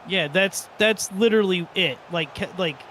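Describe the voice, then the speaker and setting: A man co-hosting a soccer podcast, talking casually in a rambling, excitable way during a live watch party. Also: sits high, normal speed, a little hiss or hum. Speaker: podcast co-host.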